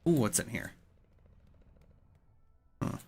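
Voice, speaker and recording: A man's voice: slow pace, mellow. A man casually commenting as he streams a video game, joking and swearing loosely.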